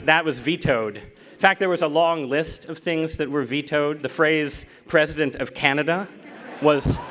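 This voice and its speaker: A man's voice: fairly high pitch, fairly bright tone. Self-deprecating American man giving a lecture. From United States. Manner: self-deprecating, joking, with restarts. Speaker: guest lecturer. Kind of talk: public lecture. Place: lecture hall.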